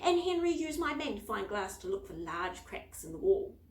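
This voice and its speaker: A woman's voice: medium pitch, sing-song, normal speed. A woman voicing an eager, decisive young girl detective in a storybook. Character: bright, bossy girl detective, eager and cheerful. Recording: echoey room.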